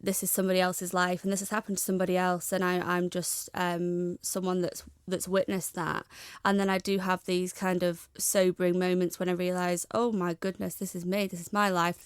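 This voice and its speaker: A young woman, a guest in an interview, speaking frankly and reflectively in a steady way. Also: fairly low pitch, clean tone, no echo, studio quality. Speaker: guest, charity founder. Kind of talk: candid interview talk.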